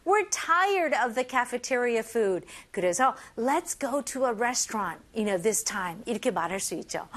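A woman teaching English phrases to learners, switching between languages, modeling lines slowly and laughing between points. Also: fairly high pitch, big pitch swings, fairly bright tone. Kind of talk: bilingual language lesson.

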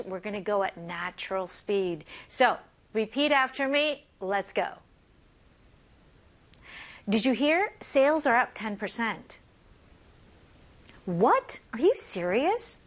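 Lively high-voiced woman English teacher. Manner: upbeat, expressive, switches between English and Korean. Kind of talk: bilingual language lesson.

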